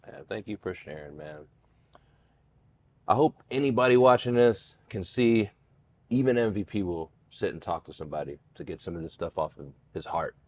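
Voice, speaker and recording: A man's voice: sits low, expressive, normal speed, a little hiss or hum. A man co-hosting a podcast, asking direct questions and answering supportively. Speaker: podcast co-host. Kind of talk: interview-style podcast chat.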